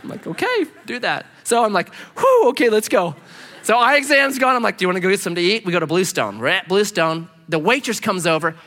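A man preaching a sermon as a pastor, telling stories with lively, acted-out voices. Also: high voice, quick pace, few pauses, in a large hall. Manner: animated storytelling, acting out quoted voices.

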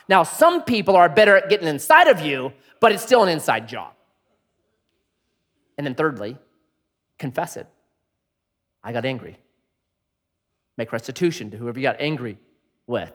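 A man preaching with a lively, swooping delivery and a fairly high voice. His sermon rises to loud emphasis and falls to near-hushed asides. The sound rings with long reverb, as if from a large hall. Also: normal speed, pauses often. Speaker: pastor.

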